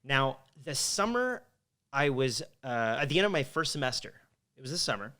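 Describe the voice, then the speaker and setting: A man's voice: mid-range voice, big pitch swings, moderate pace, pushed and bright, clean tone. Rambling, swearing man telling his story. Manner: rambling, candid, swears freely. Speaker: guest. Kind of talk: casual storytelling interview.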